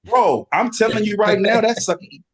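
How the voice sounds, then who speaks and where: A middle-aged man, a guest bodybuilder, telling lively backstage stories and imitating other people's voices in casual chat. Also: high voice, a little fast, husky. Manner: animated storyteller, does voices of others. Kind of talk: casual storytelling.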